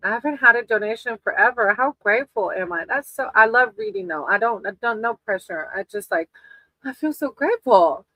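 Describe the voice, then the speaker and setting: A woman's voice: fairly high pitch, animated, brisk, fairly bright tone, no echo, low-quality recording. A woman doing casual live tarot readings for viewers, affectionate and often laughing, calling people sweetie. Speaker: tarot reader on a livestream.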